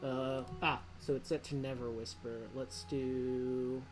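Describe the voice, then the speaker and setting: An easygoing game master narrating a tabletop game in a loose, rambling way, thinking aloud between descriptions. The voice sits at an ordinary middle pitch. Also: flat delivery, takes it slowly, over music.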